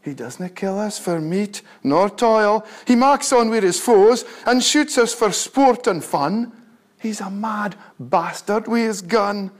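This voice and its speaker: A man putting on shrill, bitter wild beasts. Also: takes it slowly. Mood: complaining. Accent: North-East Scots. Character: wild beasts outside the farm, fearful and bitter.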